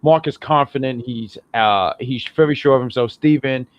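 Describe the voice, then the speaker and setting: A man's voice: medium pitch, moderate pace, muffled recording. A man co-hosting a casual show recap, rambling through his thoughts with restarts and frequent laughs. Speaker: podcast co-host.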